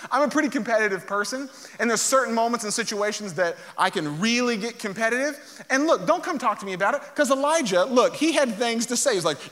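A man preaching a sermon, reading scripture aloud and joking with animated energy. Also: high voice, brisk. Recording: long hall reverb.

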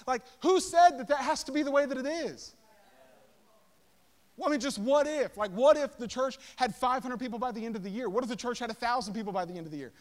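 A pastor preaching a sermon, firing rhetorical questions and casual asides with emphatic delivery. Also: male voice, extremely high pitch. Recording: long reverb of a large hall.

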